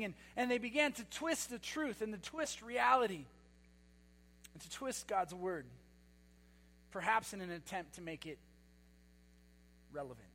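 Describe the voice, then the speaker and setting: A man preaches a sermon in a very high voice, emphatic and given to repeating himself, with dry sarcastic asides. His voice rings out with a long hall reverb in a church sanctuary. A steady mains hum runs under it. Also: unhurried, long pauses. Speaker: pastor.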